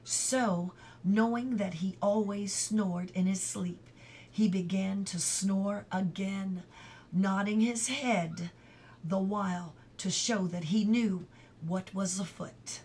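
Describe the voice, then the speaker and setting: Storybook reader, woman, very slow and careful pace, whispers the hushed scenes. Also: medium pitch, steady tone, slight background noise. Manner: slow, careful, drops to a whisper for quiet moments. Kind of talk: storybook read-aloud.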